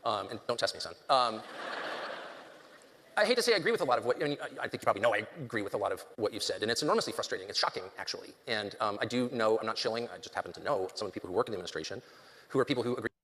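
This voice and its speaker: A man's voice: fairly low pitch, expressive, very fast, fairly bright tone, long reverb tail. A man in his fifties giving a political speech to students, emphatic and rambling, with many ums and restarts.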